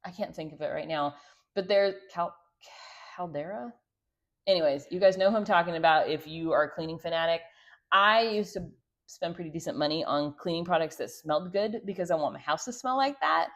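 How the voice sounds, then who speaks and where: A woman with a slightly low voice talks her viewers through a homemade project in a casual, chatty way. She rambles, drifts into asides and fills her pauses with little hesitations. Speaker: homestead vlogger. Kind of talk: casual how-to chat.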